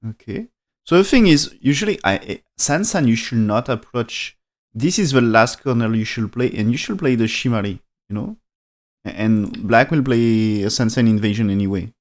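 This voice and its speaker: A man's voice: medium pitch, moderate pace. A man commentating a go game on a live stream, thinking aloud in non-native English with frequent restarts and dropped articles.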